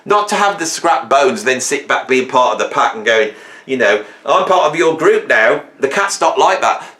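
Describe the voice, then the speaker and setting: Playful rambling guy talking to camera, bouncy pitch, echoey room. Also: pushed and bright. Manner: chatty, rambling, playful, jokey asides. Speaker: music video host. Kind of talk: casual chat to camera.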